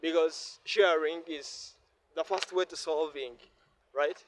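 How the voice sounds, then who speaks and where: A man's voice: on the high side, unhurried. A Ugandan man talking to his viewers in a vlog, earnest and repetitive, speaking from the heart. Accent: Ugandan English. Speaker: vlogger. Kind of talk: reflective vlog monologue. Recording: faint ambient noise.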